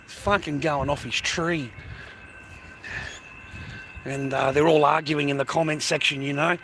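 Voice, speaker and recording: A man's voice: a little high, steady tone, a little slow, background noise. A middle-aged man, rambling and swearing while livestreaming on a phone, tired and coughing. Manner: swearing, rambling, calls listeners mate. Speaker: live streamer. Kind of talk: rambling casual livestream chat.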